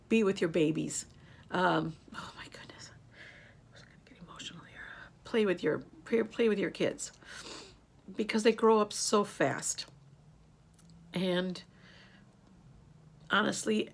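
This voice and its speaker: A woman's voice: on the low side, breathy edge. A woman in her fifties chatting casually to camera, rambling and turning emotional as she talks. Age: 50s. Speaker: beauty YouTuber. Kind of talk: casual tag video chat.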